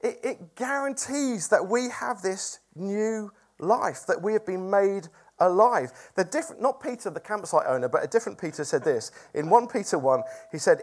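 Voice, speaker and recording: A man delivering a conversational sermon. He often puts questions to the congregation. His voice swings widely in pitch and keeps an animated, informal tone. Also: normal speed, hardly any pauses. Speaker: pastor.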